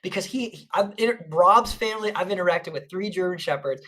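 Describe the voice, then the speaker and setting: Bright-voiced rambling storyteller. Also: medium pitch, fairly quick. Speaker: podcast co-host. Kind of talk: casual chat.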